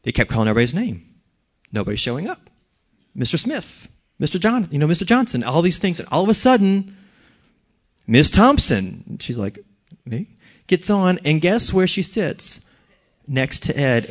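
A man with a fairly high voice preaches a conversational sermon in church at a normal speed. He's animated, telling stories and asking the congregation questions.

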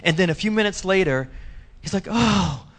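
A man's voice: expressive, fairly quick. Emphatic male pastor telling a testimony. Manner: emphatic storyteller, swinging between loud bursts and hushed low lines. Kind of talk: sermon testimony. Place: church.

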